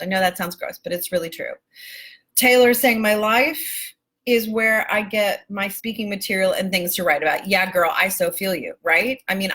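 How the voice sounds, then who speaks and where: A woman life coach speaking live to her viewers, emphatic and affectionate, calling them baby and my love and swearing casually. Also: mid-range voice. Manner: warm, emphatic, calls listeners baby and my love. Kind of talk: live-stream coaching talk.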